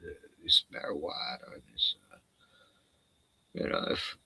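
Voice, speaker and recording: A man's voice: unhurried, sharp tone, no room sound. A man voicing an aggrieved young male farmer who loves animals, defensive and rambling. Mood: hesitant.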